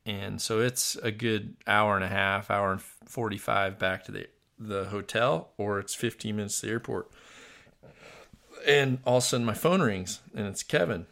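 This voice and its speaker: A podcast host telling a funny story in casual chat, laughing often and acting out what others said. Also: male voice, fairly low pitch, moderate pace, gravelly. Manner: animated storyteller, laughs often, acts out quotes.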